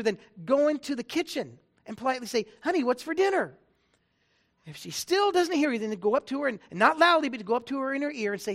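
A man voicing a down-to-earth male doctor giving advice, in a sermon joke. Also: extremely high pitch.

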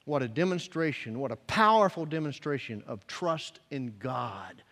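A male pastor preaching a sermon, animated and stumbling through restarts, rising loud and dropping soft, recorded in a church sanctuary. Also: medium pitch, moderate pace. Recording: reverberant church hall.

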